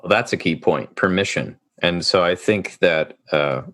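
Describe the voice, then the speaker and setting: A man's voice: deep voice, normal speed, a bit bright, no room sound, clean studio sound. A male therapist hosting a podcast interview, talking in a thoughtful, rambling way with many fillers and restarts. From United States.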